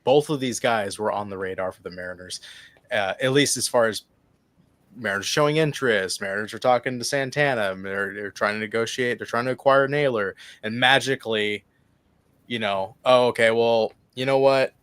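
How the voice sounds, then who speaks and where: A man co-hosting a podcast in casual chat, animated at times and acting out what others might say. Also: on the low side, fairly quick, no echo. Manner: animated, laughs, acts out quotes. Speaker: podcast co-host.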